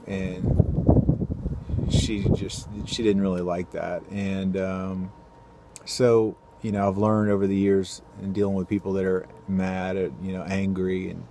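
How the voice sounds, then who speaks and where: A man telling a personal faith story to camera, earnest and halting, with many fillers and restarts. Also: low-pitched, warm tone, a little hiss or hum. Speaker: ultrasound technician sharing a faith story. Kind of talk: casual testimony to camera.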